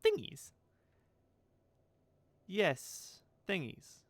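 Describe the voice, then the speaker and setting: A man's voice: high-pitched, huge pitch swings, very slow, dry recording, pitched above the performer's own voice, full character voice. A man voicing a sour, muttering female corpse-picker who chatters to herself in a sing-song voice and calls herself by name.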